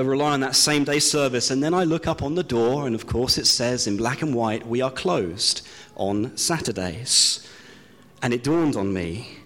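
A man from Britain preaching a sermon, telling a self-deprecating story with slow, drawn-out pauses. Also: fairly high pitch, fairly bright tone. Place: church hall. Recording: long hall reverb.

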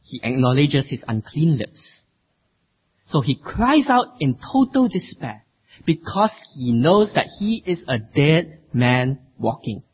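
A man preaching a sermon with an emphatic, expressive delivery. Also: fairly high pitch, slow, husky. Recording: tinny phone-like sound.

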